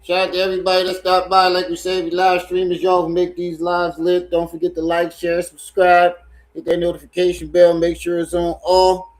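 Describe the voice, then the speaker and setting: A man's voice: high voice, monotone, normal speed, low-quality recording. A man hosting a livestream, laid-back and encouraging as he signs off. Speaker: livestream host. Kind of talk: casual livestream sign-off.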